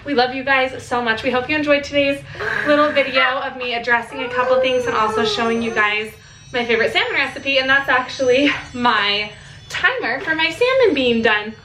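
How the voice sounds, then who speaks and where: A woman's voice: sits high, steady tone, a little fast, echoey room, noisy background. A young woman, a family vlogger, chatting casually at home and cooing to her kids, a little out of breath. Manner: cooing baby talk to her children. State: slightly out of breath.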